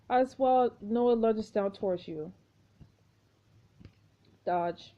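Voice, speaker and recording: A woman reads a story game aloud and chimes in with lively reactions. Her voice is somewhat high, warm and mellow. The recording sounds dull and lo-fi. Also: normal speed. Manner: expressive, exclaiming reactions. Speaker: gameplay narrator.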